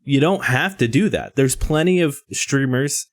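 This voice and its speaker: A man's voice: mid-range voice, expressive, measured pace, no echo, studio quality. A man co-hosting a casual podcast, talking in a laid-back, self-deprecating way with lots of "like". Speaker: podcast co-host.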